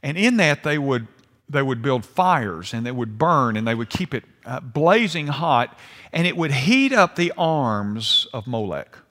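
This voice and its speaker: An older man preaching a sermon, swinging between hushed and emphatic delivery. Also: mid-range voice, sing-song, unhurried. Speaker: pastor. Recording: long hall reverb.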